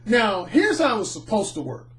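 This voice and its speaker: A middle-aged man, a dating coach, telling a personal anecdote in an animated, storytelling way. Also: sits high, normal speed. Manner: animated, acts out the people in his anecdotes. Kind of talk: storytelling monologue.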